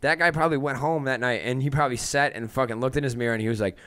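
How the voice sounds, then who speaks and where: A man's voice: mid-range voice, steady tone, very fast, fairly bright tone, clean tone. A man who is a stand-up comedian, telling crude stories in a casual podcast chat and laughing often.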